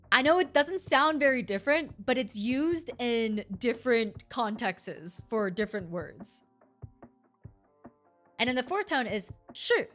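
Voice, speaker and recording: A woman with a fairly high voice streams to her chat, explaining things casually and animatedly. She rambles and often corrects herself partway through a sentence.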